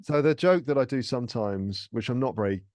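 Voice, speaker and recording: A man from England on a casual podcast, an animated storyteller who acts out quoted speech. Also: medium pitch, fairly quick, no room sound, studio quality. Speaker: podcast guest, English teacher and comedian. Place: lives in France.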